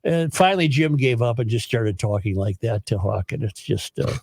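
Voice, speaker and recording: A man's voice: mid-range voice, expressive, moderate pace, darkish tone, dry recording, clean studio sound. A man hosting a casual talk radio show, rambling through stories and chuckling often.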